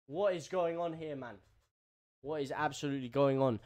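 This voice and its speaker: High-voiced man, excitable commentary. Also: normal speed. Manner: excitable running commentary, swearing and repeating himself. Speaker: streamer. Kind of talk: live match watchalong commentary.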